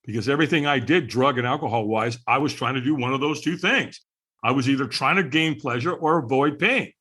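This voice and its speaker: A man's voice: medium pitch, fairly quick, sharp tone, slightly rough. A middle-aged man, a podcast guest, candidly telling his personal story in conversation, earnest and chuckling now and then.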